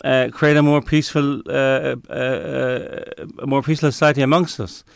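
A man speaking as a guest on a talk show, his voice smooth and clean and close to the mic with no room sound. He pauses to hunt for words and often restarts his sentences. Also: medium pitch, little pitch movement, no room sound. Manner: searches for words, frequent fillers and restarts. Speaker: interview guest. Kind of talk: conversational interview answer.

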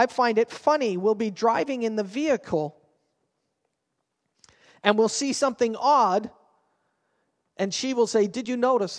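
A man in his fifties, a pastor preaching a sermon with an animated storytelling manner, swinging between quiet and loud. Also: high-pitched, in a large hall.

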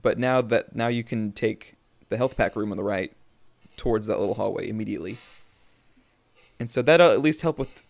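A man's voice: lowish voice, normal speed, gravelly. A man co-hosting a casual gaming podcast, chatty and upbeat, explaining game updates. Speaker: podcast co-host.

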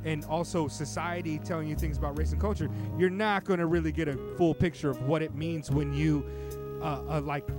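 A man lays out his thoughts in long, careful sentences on a casual podcast, swearing offhandedly. His voice sits a little high. Music is clearly audible behind him. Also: steady tone, fairly quick, hardly any pauses.

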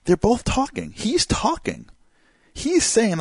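A man with a fairly low voice gives a motivational talk, his pitch rising and falling in lively swings. He leans on casual fillers and keeps checking in with the audience through rhetorical questions. The sound is dry and close, with almost no room echo. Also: normal speed. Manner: animated, asks rhetorical questions and acts out examples; many fillers such as "like" and "you know". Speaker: speaker giving a motivational talk.

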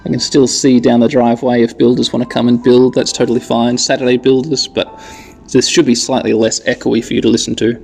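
Gravelly man narrating a game casually. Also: medium pitch, a little fast, soft background music. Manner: rambling, relaxed, self-correcting. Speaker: podcast host narrating gameplay. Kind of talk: casual sleep-podcast narration. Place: side entrance of a half-built house.

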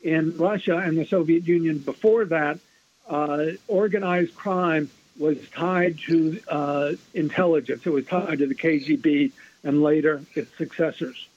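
A man with a slightly high voice explains things quickly and with emphasis, often stopping to restart his sentences. He is a guest in a radio interview, and the broadcast sound is muffled and lo-fi. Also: darkish tone. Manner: fast, restarts a lot, emphatic. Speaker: author and guest.

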